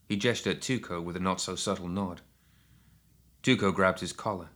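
A man narrating a dark fantasy audiobook in a steady, measured reading. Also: low-pitched.

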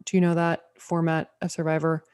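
A woman's voice: deep voice, monotone, brisk, a little mellow. A woman co-hosting a podcast, reviewing TV shows in casual, rambling chat full of filler words.

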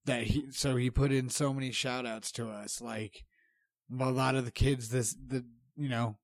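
A man's voice: mid-range voice, fairly even intonation, moderate pace, dry recording. A man co-hosting a casual podcast, ranting heatedly and swearing, rambling from point to point. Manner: heated, profane, rambling rants. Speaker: podcast co-host.

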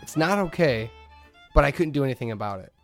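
A man's voice: mid-range voice, fast, faint music behind. A man in his thirties, a podcast co-host telling a story in casual chat, acting out what people said. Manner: animated, acts out quoted lines in a raised voice.

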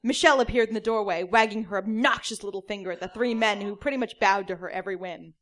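A woman comedian reads a story aloud in a dry, deadpan way, with a middle-pitched voice. She sometimes breaks into laughter at her own lines. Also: quick pace. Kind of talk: comic reading of a story.

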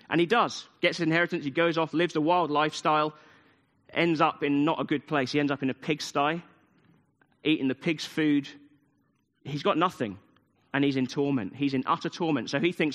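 A man's voice: a little high, steady tone, fairly quick, a bit bright. A man preaching a sermon, retelling a story with emphatic repetition. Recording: long hall reverb.

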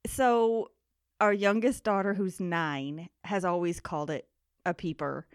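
A woman's voice: fairly low pitch, steady tone, a little slow, smooth, dry recording. Woman cohost chatting on a podcast, laughs a lot, dry close mic sound. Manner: laughs often while telling stories. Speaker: podcast co-host. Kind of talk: casual chat.

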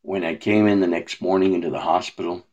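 Husky low-voiced man telling a story. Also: fairly even intonation, fairly quick, darkish tone, lo-fi sound. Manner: rambling, with many fillers and restarts. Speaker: guest sharing a personal testimony. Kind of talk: personal storytelling.

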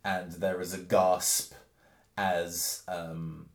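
Man running a tabletop game, low and roomy. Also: extremely slow. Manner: relaxed, rambling narration with many fillers. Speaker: game master.

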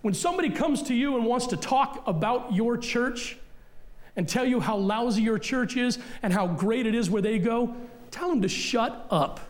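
Man preaching, high voice, blunt, forceful, repeats his punchlines, church sermon. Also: normal speed. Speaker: pastor. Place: church sanctuary.

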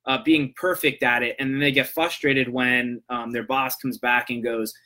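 A man with a bright, forward voice talks through his podcast on his own. He rambles in a relaxed, conversational way, often tagging his points with a quick "right?" His voice sits at a middling pitch. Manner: rambling, loose and conversational, tags lines with "right?". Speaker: podcast host. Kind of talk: casual solo podcast monologue.

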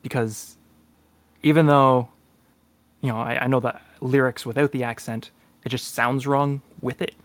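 Man, co-host, casual chat, hesitant, mid pitch. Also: steady tone, unhurried, pauses often, no room sound. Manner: hesitant, many ums and uhs, laughs often. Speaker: podcast co-host and player.

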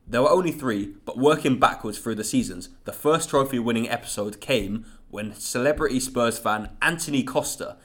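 A man hosting a football podcast, reading a steady scripted link between clips. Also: mid-range voice, moderate pace, hardly any pauses. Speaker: podcast host.

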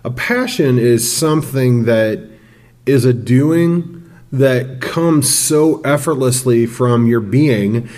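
A man co-hosting a podcast, telling anecdotes in a relaxed, chatty way with laughs in between. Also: medium pitch, slow pace. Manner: anecdotal, chuckling storyteller who acts out quotes. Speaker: podcast co-host. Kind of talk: casual conversational podcast talk.

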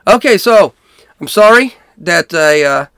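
A man hosts his solo podcast in an emphatic, worked-up rant, hammering points and repeating himself as he goes. His voice sits a little high for a man. The sound is dry and close, with no room around it. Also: expressive, a little slow, fairly bright tone, smooth, no room sound. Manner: heated, emphatic ranting with repetitions. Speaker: podcast host. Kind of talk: solo political podcast monologue.

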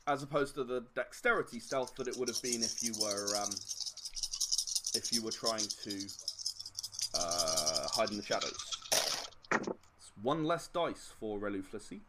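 Lively, animated male game master. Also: on the low side, a little slow, long pauses, heavy background noise. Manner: rambling, chuckling, many fillers. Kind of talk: narrating a tabletop game.

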